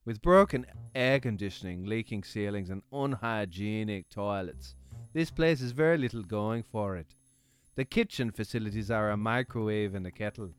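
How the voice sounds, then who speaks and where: A man's voice: on the low side, clear, resonant tone, natural voice. A man reading a hotel complaint in a put-on British accent, as a stiff male reviewer. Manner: reading a complaint aloud, stifled laughs.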